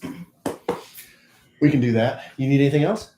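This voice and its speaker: A middle-aged man co-hosts a podcast, speaking briskly at a medium pitch. He jokes around in lively, casual chat with his son, in a room that echoes and has faint background noise.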